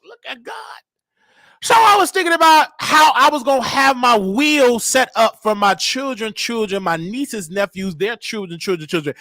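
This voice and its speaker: A man hosting his own live show, shouting and preaching at his listeners and scolding them for not donating. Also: very high-pitched, animated, normal speed, no room sound. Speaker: show host. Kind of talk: loud live-stream commentary.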